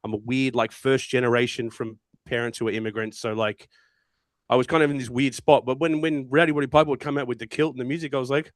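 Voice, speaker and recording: A man's voice: mid-range voice, fairly even intonation, quick pace, dry recording, studio quality. A man with an Australian accent, a guest on a podcast, telling stories and chatting with enthusiasm. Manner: chatty, tells anecdotes with enthusiasm. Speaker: wrestling commentator, podcast guest. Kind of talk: casual podcast chat.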